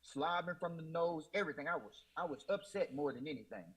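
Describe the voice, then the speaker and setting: A man's voice: on the high side, expressive, fairly quick, crowd noise, rough recording. A man telling his personal faith testimony in an emotional, repetitive storytelling way, often quoting himself with "I said.". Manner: emotional, repeats "I said", Southern US Black church speech. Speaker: guest.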